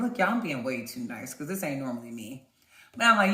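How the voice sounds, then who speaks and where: A woman's voice: low voice, fast. Woman telling a story in a roomy echo. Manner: animated storytelling, talks to viewers directly. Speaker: vlogger. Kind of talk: storytime vlog.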